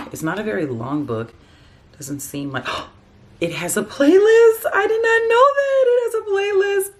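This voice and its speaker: A woman chatting casually about books in a home vlog, animated and gushing, recorded in her bedroom. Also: very deep voice. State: out of breath. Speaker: booktuber. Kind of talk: casual book vlog chat. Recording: faint background noise.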